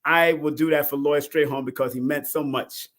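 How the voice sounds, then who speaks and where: Animated, laugh-prone man hosting a numerology show. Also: on the high side, normal speed. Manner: animated, laughs often, swings from loud to soft. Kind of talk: casual live-stream talk.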